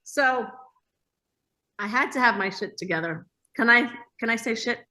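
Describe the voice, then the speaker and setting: A woman's voice: fairly high pitch, fairly quick. A woman guest telling stories in a casual interview over a video call, acting out the voices she quotes. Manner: lively storyteller who acts out quoted voices. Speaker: guest, hospitality business owner.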